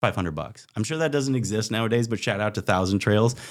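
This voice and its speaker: A young man from Canada, a podcast guest telling stories in casual chat, animated, full of "like" and acting out what people said. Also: fairly low pitch, a little fast. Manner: animated, acts out quoted voices, frequent "like" fillers.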